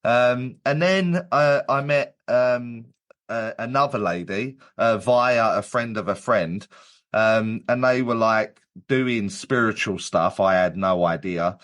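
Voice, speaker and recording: A man's voice: medium pitch, takes it slowly, fairly bright tone. A man, a medium and guest, telling his story in casual chat with many restarts and fillers.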